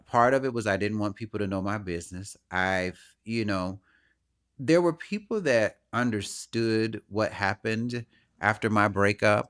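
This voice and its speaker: Earnest man thinking aloud as host. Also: on the low side. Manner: earnest, searching, self-questioning; animated, acts out other people's voices. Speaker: podcast host. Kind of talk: personal reflective monologue.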